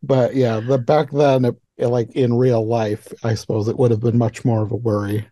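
A man's voice: medium pitch, flat delivery, moderate pace, dark tone, no echo. A man hosting a podcast, chatting casually about a movie with many fillers and frequent laughs. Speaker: podcast host. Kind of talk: casual chat.

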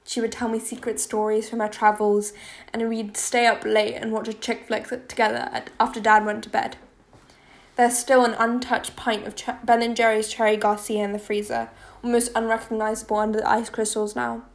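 A woman narrates a first-person audiobook with an intimate, emotionally charged delivery, though it comes across flat. Her fairly high voice keeps a narrow, contained melody, moves at normal speed, and sounds creaky.

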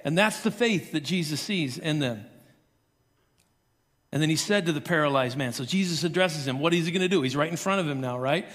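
A man preaching a sermon, telling the story in an animated way and acting out the voices of the characters. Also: on the high side, fairly quick, long reverb tail. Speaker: pastor.

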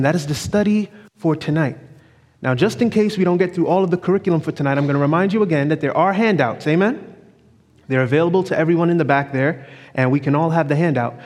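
A man's voice: a little high, animated, fast. Fervent male preacher in a reverberant sanctuary. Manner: fervent, sweeping rises and drops in loudness. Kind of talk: evening sermon. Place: church sanctuary with pews. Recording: long church reverb.

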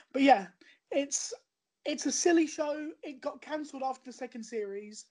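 A woman talks through her recommendation in a loose, conversational way, circling back and restarting her sentences as she goes. Her voice sits a touch higher than most women's. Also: normal speed. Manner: chatty and rambling, with many restarts. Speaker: guest recommending a TV show. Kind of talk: casual podcast chat.

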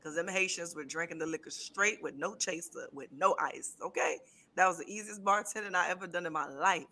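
Bright, chatty woman podcast host. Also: fairly low pitch. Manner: laughing, chatty, quick bursts. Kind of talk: casual podcast chat.

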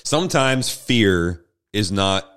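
A man with a low voice hosting a relaxed Bible talk show. He moves the conversation along and drops dry, wry jokes along the way. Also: slow, clean tone. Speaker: podcast co-host. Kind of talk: casual Bible discussion chat.

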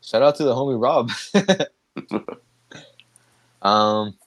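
A man's voice: mid-range voice, expressive, slow pace, no echo. A young man hosting a podcast, chatting casually, rambling with restarts and laughing often. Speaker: podcast host. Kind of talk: casual chat.

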